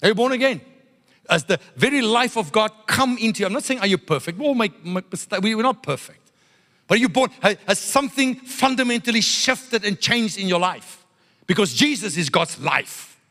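A man preaching a sermon to a congregation as pastor, animated and playful, with call-and-response asides. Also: high voice, fairly quick, long reverb tail.

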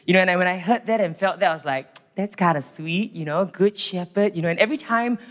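Singaporean guy preaching in a church, lively storyteller, long echo tail. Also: sits high, fast talker. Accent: Singaporean English. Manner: animated storytelling, acts out quotes. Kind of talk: sermon with opening prayer. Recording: long hall reverb.

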